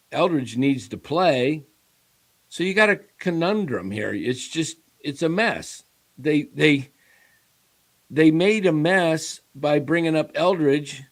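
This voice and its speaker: A man hosting a casual sports talk stream, rambling animatedly with many fillers and restarts. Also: fairly high pitch. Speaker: sports show host. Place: home studio in Arizona.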